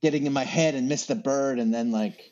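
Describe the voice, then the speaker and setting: A man's voice: medium pitch, brisk, a little mellow, lo-fi sound. A man chatting as a podcast guest, rambling through stories with lots of fillers and restarts. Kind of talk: casual chat.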